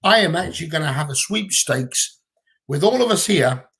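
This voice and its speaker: A man's voice: a little high, animated, moderate pace, creaky, a bit bright, slightly rough. A man with a Gibraltarian accent, chatting bluntly and casually on a livestream Q&A from home, swearing freely. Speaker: livestream co-host.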